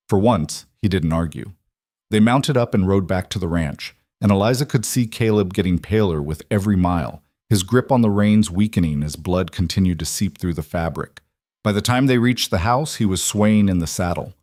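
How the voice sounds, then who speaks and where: A man giving scripted storybook narration of a western tale, dramatic and measured, in a dry, close recording. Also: low voice, darkish tone, no echo.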